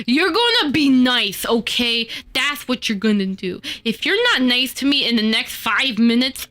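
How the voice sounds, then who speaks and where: A woman streaming while she models in 3D, scolding her software in exasperated outbursts, her nose stuffy from a cold. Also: on the high side. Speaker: VTuber streamer. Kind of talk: casual live-stream chatter while 3D modeling.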